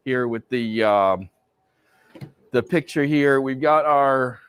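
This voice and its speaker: A man's voice: medium pitch, slow, clear, resonant tone. Casual male professor lecturing a class. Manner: conversational, checks in with "right?" often. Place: lecture hall.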